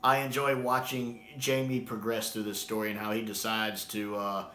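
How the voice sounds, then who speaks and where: A man's voice: lowish voice, level tone, moderate pace, sharp tone, a little hiss or hum. A man reviewing a novel in a casual, enthusiastic way, laughing often and filling with "you know". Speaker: book reviewer. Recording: roomy echo.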